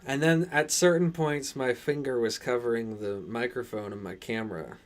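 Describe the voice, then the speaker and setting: A man in a casual live stream, talking in a put-on transatlantic accent at a mid pitch. He reads chat and replies in loose, halting sentences full of fillers and restarts. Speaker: channel host reading live chat.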